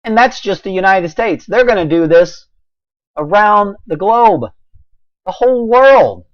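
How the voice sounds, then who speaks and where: A man delivering a preachy, impassioned monologue, swinging between a raised voice and quiet intensity. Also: high voice, unhurried, no room sound, lo-fi sound. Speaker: video blogger.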